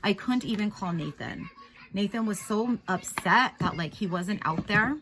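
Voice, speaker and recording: A woman's voice: mid-range voice, animated, unhurried, fairly bright tone, a little hiss or hum. A woman in her thirties vlogging at home, venting in a rambling, upset way with lots of "like" and "you guys" fillers. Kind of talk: casual chat to camera.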